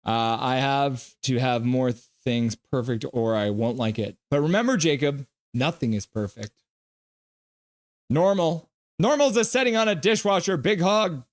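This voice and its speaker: A man's voice: medium pitch, measured pace. A man hosting a live stream, calling the hockey play-by-play and joking with the chat. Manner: jokey, banters with chat between play calls. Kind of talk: casual play-by-play and chat reading.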